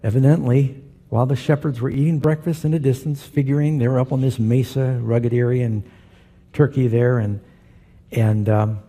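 A man's voice: mid-range voice, fairly even intonation, moderate pace, warm tone. A middle-aged man preaching a sermon as pastor, telling stories with humor and putting questions to his congregation. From Southern California.

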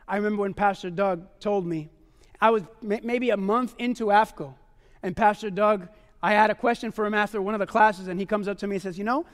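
A man preaching a testimony sermon in an animated way, often calling his listeners "my loved ones" and asking "amen?". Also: sits high, long reverb tail.

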